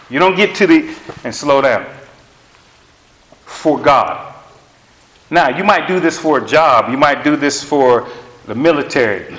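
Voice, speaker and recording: A man preaching a sermon in a roomy, echoing space, with an emphatic, repetitive cadence. He sits at an ordinary middle pitch and drives home short phrases again and again. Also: fairly bright tone. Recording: roomy echo.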